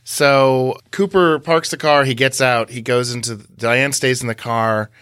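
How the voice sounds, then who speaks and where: A man's voice: medium pitch, fairly even intonation, measured pace, a bit bright, smooth, dry recording, studio quality. A man co-hosting a podcast, recapping and analyzing scenes in a meandering, self-correcting way. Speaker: podcast co-host. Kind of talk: casual podcast discussion.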